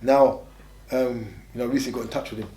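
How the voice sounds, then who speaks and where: Fast-talking slang man. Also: mid-range voice, fairly even intonation, mellow. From England. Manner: fast, streetwise, repetitive emphatic phrasing. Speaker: interview guest. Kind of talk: casual conversational storytelling. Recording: echoey room.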